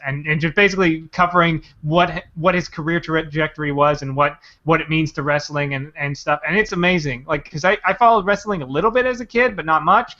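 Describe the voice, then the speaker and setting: Podcast dude rambling n swearing, bright tense voice, kinda dull lo-fi sound. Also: male voice, a little high. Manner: rambling, swears a lot, many restarts. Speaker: podcast co-host. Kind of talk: casual chat.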